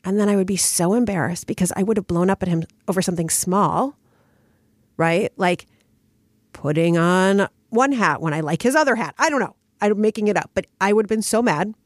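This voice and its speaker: A middle-aged woman hosting a podcast, telling a personal story in a candid, expressive way, her voice a little worn from a recent cold. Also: mid-range voice, brisk, no room sound, clean studio sound. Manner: candid and expressive, frequent "like" and "right?". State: recovering from a cold. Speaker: podcast host.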